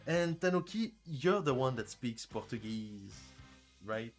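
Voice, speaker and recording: A man talks over a livestream about the game he is making, rambling and joking with crude asides. His voice sits at an ordinary pitch, and faint music plays behind him. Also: animated, measured pace. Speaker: indie game developer streaming. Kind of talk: casual livestream chat.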